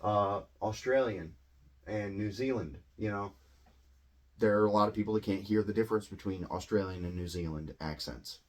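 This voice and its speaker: A man's voice: on the low side, moderate pace. A man giving a casual, rambling English lesson, often repeating and restarting words. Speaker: English teacher.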